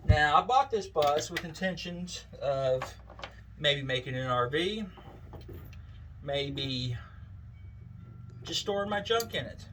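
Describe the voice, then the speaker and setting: A man's voice: fairly high pitch, lively intonation, slow pace, pauses often, bright, forceful tone, slight background noise, low-quality recording. Chatty man telling a story. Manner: chatty, wry, folksy. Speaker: vlogger. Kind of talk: casual storytelling.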